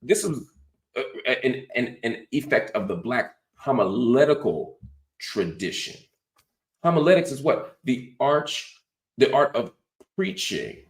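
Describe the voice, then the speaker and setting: A man's voice: mid-range voice, very animated, measured pace, echoey room. A man hosting a political commentary show, teaching in an emphatic, preacher-like cadence. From United States. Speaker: host.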